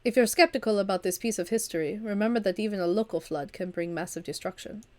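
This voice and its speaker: A woman with a medium-pitched, slightly mellow voice reads a vampire visual novel aloud on a livestream at a quick pace. Recovering from a long illness, she stumbles and restarts now and then and slips into chatty asides between passages.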